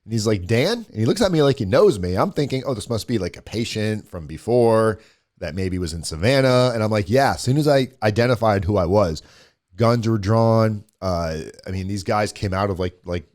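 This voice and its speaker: A man with a lowish, darkish voice and lively intonation speaks fairly quickly as a guest on a show. He casually retells a personal story, quoting what other people said along the way and often restarting his sentences.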